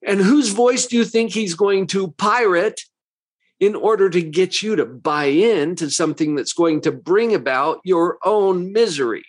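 A man's voice: high-pitched, a little slow. A man who works as a psychologist giving a motivational talk, full of rhetorical questions, with a conversational and emphatic manner.

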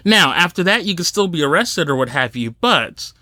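A high, bright man's voice from New Jersey, swinging widely in pitch as he tells a podcast story. He acts out the people he quotes. The sound is dry and close. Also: lively intonation, moderate pace, no room sound. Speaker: podcast host. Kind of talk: casual podcast chat.

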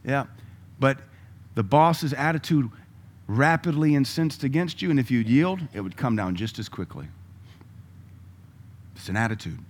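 A man preaching a sermon, moving between loud emphatic lines and quiet asides and chuckling with the congregation. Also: medium pitch, expressive, moderate pace, slight background noise. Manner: laughs often, conversational asides to the congregation.

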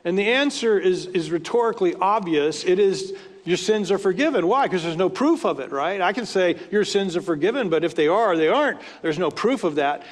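Pastor, male, high voice, chatty sermon delivery with asides, long church-hall reverb. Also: expressive, fairly quick. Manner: conversational, retells scripture stories with asides.

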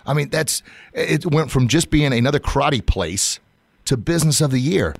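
A man's voice: fairly high pitch, expressive, moderate pace, creaky, dry recording. A man hosting a podcast, telling stories in an earnest, casual way and laughing now and then. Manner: earnest storytelling, laughs often. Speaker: podcast host, martial arts school owner. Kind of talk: casual conversation.

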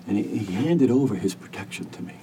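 A man who works as a hospice caregiver, telling a story as a podcast guest in an earnest, gentle, measured way. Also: lowish voice, expressive, distant mic, a little hiss or hum. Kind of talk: reflective storytelling interview.

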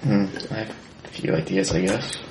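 A man's voice: on the low side, normal speed, roomy sound, background noise. Dry, terse man playing a tabletop game. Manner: dry, terse and wry replies. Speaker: player.

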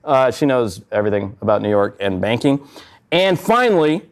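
A man's voice: mid-range voice, sing-song, moderate pace, smooth. A man hosting a live stage show in front of an audience, upbeat and joking. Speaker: podcast host. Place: event space with live audience. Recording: muffled live recording.

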